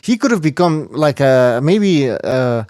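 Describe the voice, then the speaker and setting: A man's voice: medium pitch, big pitch swings, a little slow, a little mellow, dry recording, studio quality. A man hosting a boxing podcast, blunt and scoffing, cursing freely as he talks casually. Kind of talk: casual profane boxing talk.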